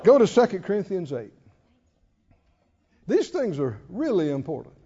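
A man's voice: high voice, huge pitch swings, normal speed, warm tone, husky, big-room sound, muffled recording. A man preaching a sermon, emphatic and calling out to the congregation. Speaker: pastor.

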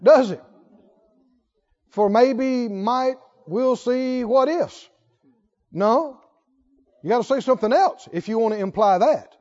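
A man with a strikingly high voice delivers a sermon from the pulpit. He presses his listeners with rhetorical questions and hammers points home through repetition. His voice carries a long church reverb on a dull, muffled recording. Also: expressive, slow pace, pauses often, a little mellow. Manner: asks the congregation rhetorical questions, emphatic repetition. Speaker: preacher. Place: church sanctuary.

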